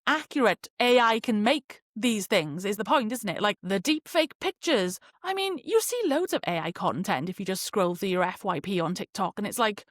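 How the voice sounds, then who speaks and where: A young adult woman hosting a casual solo podcast, talking in an animated, chatty way with lots of fillers like "like". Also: mid-range voice, normal speed, hardly any pauses, no room sound, studio quality. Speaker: podcast host.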